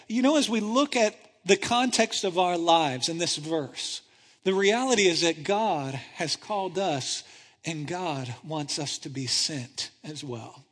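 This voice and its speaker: High-voiced male pastor preaching in a reverberant hall. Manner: swings between loud urgent preaching and hushed intensity. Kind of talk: sermon. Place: church sanctuary.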